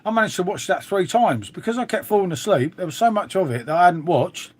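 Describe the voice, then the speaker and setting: A man's voice: high-pitched, expressive, a little fast, breathy edge. A middle-aged man chatting casually to viewers on a live stream, swearing freely and trailing off into asides. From England. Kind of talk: rambling casual chat to viewers.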